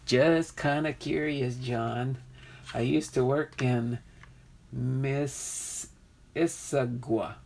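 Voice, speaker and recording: Male livestream host: slow, gravelly, chatty, laughs easily while reading out viewer comments. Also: mid-range voice, fairly even intonation, a little mellow, a little hiss or hum. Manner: chatty, laughs at himself, plays with pronunciations. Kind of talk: casual live chat with viewers.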